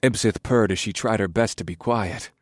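A man narrating an erotic story in the first person, in a steady, subdued reading voice. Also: fairly low pitch, moderate pace, no echo, studio quality.

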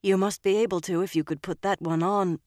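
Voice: medium pitch, fairly even intonation, a little fast, no echo, clean studio sound, lightly acted. An audiobook narrator voicing a shaken young woman freed from captivity, her voice quivering, then turning bitter. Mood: pleading. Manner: quivering, rising to sharp outbursts.

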